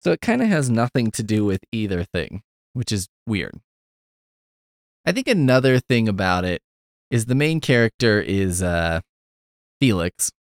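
A man's voice: fairly low pitch, very animated, measured pace, long pauses, dry recording, studio quality. A man hosting a podcast, giving a rambling, profane, wry casual review of a film. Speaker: podcast host.

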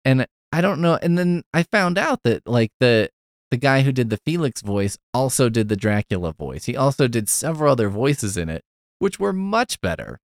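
A man's voice: mid-range voice, very animated, normal speed, no room sound, studio quality. A man hosting a podcast, giving a rambling, profane, wry casual review of a film. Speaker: podcast host.

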